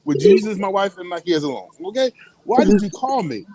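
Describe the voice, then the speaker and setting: Man, 30s, radio host, casual storytelling, animated, slightly high voice. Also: fairly quick, a crowd in the background, poor audio. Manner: animated storytelling, laughs and whoops often. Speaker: radio morning show host.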